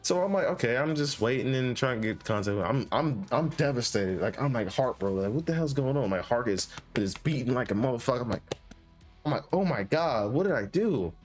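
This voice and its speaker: A man's voice: medium pitch, animated, a little fast, soft background music. Rambling young man telling a story. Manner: rambling, full of restarts and fillers, profane. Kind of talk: casual storytime vlog.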